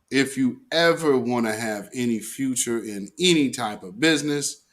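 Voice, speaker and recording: A man's voice: mid-range voice, fairly bright tone. A man hosting a weekly livestream, chatting casually with viewers, full of slang and fillers, and often breaking into laughter. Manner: slangy, talks straight to viewers. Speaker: host of a weekly livestream show.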